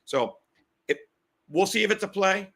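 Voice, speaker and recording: A middle-aged man hosting a sports betting podcast, talking fast and fired up, repeating himself. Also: high voice, creaky, fairly bright tone.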